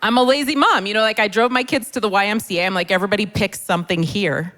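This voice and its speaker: A woman's voice: fairly high pitch, fairly bright tone. A middle-aged woman performing self-deprecating stand-up comedy on a church hall stage, chatty and conversational. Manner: self-deprecating, conversational, pausing for audience laughs. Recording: long hall reverb.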